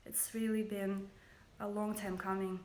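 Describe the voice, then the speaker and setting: A woman's voice: mid-range voice, flat delivery, measured pace, roomy sound. Chatty woman with a Russian accent. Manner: soft-spoken, earnest and chatty. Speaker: livestream host. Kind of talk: casual livestream chat. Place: home kitchen. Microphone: phone camera.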